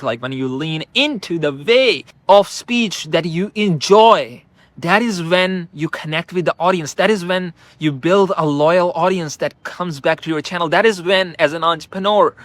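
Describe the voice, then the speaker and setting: Guy coaching you on talking to camera, slow and drawn out, chill and chatty, dry close sound. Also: fairly high pitch, no echo. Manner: slow, drawn-out, deliberate delivery with emphatic rises; relaxed and conversational, peppered with "like".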